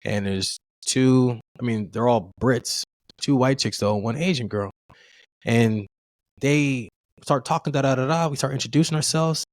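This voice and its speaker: A podcast co-host from the United States casually tells travel stories, rambling and swearing, often laughing and acting out his reactions. His voice is medium-pitched and measured, recorded with no echo.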